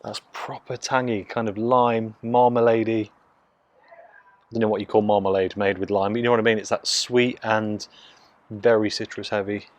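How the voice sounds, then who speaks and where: Hushed man reviewing beer. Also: on the low side, level tone, moderate pace, lo-fi sound. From Nottingham, England. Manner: hushed, half-whispered talk. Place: outdoors in a home garden. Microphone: phone mic.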